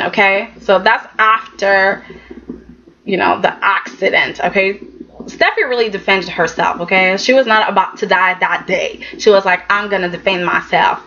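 A woman's voice: on the high side, pushed and bright, highs cut off. A woman recapping a soap opera in a chatty, emphatic way, often saying "okay" and acting out the characters' lines. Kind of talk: casual recap commentary.

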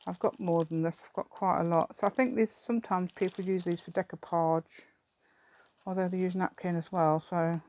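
A woman's voice: lowish voice, fairly even intonation, moderate pace, darkish tone. A middle-aged woman chatting casually while she crafts, rambling, laughing often and muttering asides to herself. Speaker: craft video maker.

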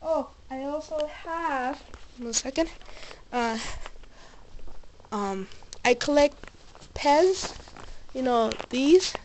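A woman's voice: high voice, expressive, extremely slow, long pauses, a little mellow, a little hiss or hum, low-quality recording. A young woman showing off her collection in her bedroom in a casual vlog, bubbly and gushing with little cheers, a bit out of breath and sick. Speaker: vlogger. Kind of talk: casual show-and-tell vlog. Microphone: camera mic, moving handheld.

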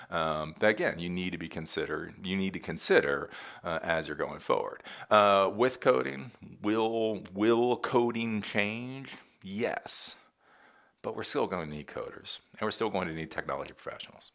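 A man hosting a casual commentary show, sarcastic and animated, laughing often. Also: low voice. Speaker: tech commentary host.

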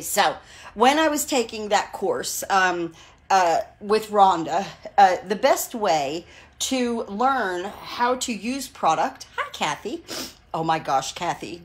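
A woman in her sixties hosting a casual live craft stream, chatty and digressive, gushing with enthusiasm and greeting viewers by name as she goes. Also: medium pitch. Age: 60s.

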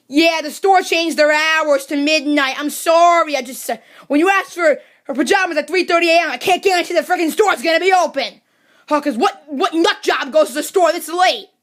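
A woman's voice: high voice, fairly bright tone. A woman voicing a cranky, overworked mushroom servant who rants sarcastically, in a comedy puppet skit. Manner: exasperated ranting, sarcastic.

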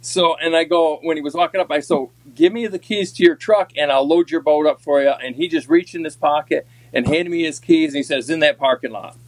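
A man's voice: a little high, fairly even intonation, brisk, hardly any pauses. A man, a former tournament angler, telling a long, rambling story in a casual podcast chat, folksy and full of ums. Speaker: podcast guest, former walleye tour pro.

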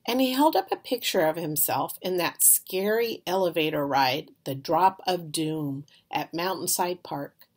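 A woman reading a children's chapter book aloud in an expressive storytelling manner. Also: lowish voice, a little slow. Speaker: reader.

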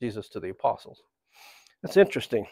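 A man's voice: fairly low pitch, very animated, quick pace, vocal fry, darkish tone, no room sound. A man giving a church talk, telling stories in a rambling, conversational way. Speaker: church speaker. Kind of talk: anecdotal sermon talk.

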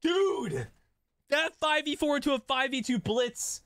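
A man streaming a strategy game live, swinging between excited shouts and quiet muttering, scolding his chat. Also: very high-pitched, a little slow, dry recording, studio quality. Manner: swears mildly, talks to chat.

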